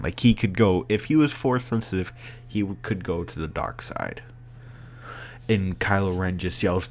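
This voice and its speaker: A man giving a casual spoken movie review, excited and rambling with many filler words. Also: deep voice.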